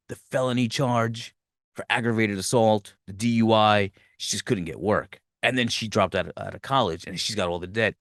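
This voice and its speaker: A man's voice: medium pitch, no echo, studio quality. A man hosting a podcast, animatedly telling a movie's plot in a rambling, profane, casual way. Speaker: podcast host.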